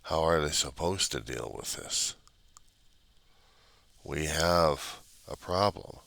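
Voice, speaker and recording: A man's voice: rumbling low, takes it slowly, vocal fry, a bit bright, no room sound. A man delivering an agitated, repetitive monologue in his apartment, full of rhetorical questions. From United States. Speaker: vlogger. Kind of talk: ranting monologue.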